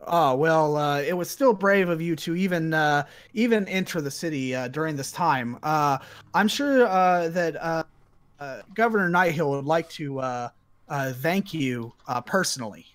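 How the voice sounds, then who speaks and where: A man's voice: on the high side, moderate pace, a bit bright, clean tone. A man narrating as dungeon master in a tabletop game, hesitant and full of filler sounds.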